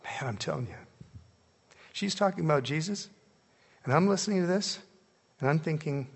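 Older guy preaching, gravelly voice, big echoey church hall, goes quiet then loud. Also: a little high, normal speed, long pauses. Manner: animated, jumps between hushed and loud. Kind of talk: storytelling sermon. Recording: long hall reverb.

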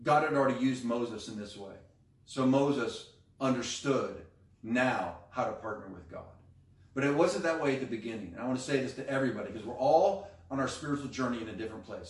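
A male pastor preaching a sermon with animated, emphatic delivery, acting out quoted lines. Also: mid-range voice. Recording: echoey room, mic at a distance.

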